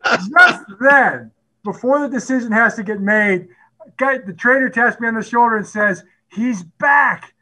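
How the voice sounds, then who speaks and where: Animated middle-aged male coach, high bright voice. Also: measured pace, poor audio. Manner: animated storyteller who acts out quotes and laughs often. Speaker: head football coach. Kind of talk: storytelling at a conference talk.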